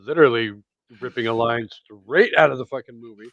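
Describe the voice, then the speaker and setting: A man hosting a movie podcast in casual chat, excitable and swearing freely. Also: medium pitch, a little fast, gravelly, dry recording. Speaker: podcast host. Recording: dry, dull lo-fi sound.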